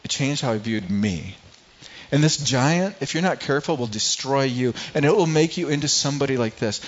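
Halting preacher man, dull lo-fi sound. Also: medium pitch, expressive. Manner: halting, repeats words, quiet when moved. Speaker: pastor. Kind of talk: sermon with personal story.

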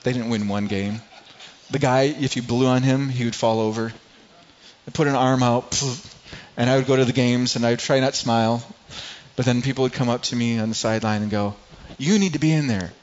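Halting preacher man, dull lo-fi sound. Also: medium pitch, fairly even intonation. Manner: halting, repeats words, quiet when moved. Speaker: pastor. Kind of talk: sermon with personal story.

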